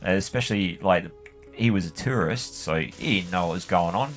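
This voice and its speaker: An Australian man with a fairly low voice chats while he games. He rambles and swears freely and fills his talk with "like" and "you know". His tone stays loose and offhand. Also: normal speed, faint music behind. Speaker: gaming channel host. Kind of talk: casual storytelling while playing a game.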